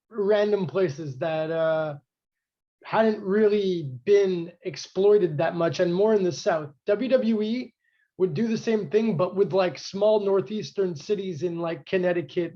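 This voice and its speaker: A man talks through wrestling history in a loose, rambling way, full of "um" and "like." His voice sits high for a man. The recording sounds a little dull and lo-fi. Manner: rambling, filler-heavy, knowledgeable about wrestling history. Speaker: podcast co-host. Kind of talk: casual chat.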